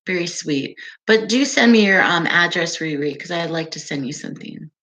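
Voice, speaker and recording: A woman hosting a casual livestream, chatting with viewers in a soft, calming voice and an unhurried, giggly way. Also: fairly low pitch. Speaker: livestream host.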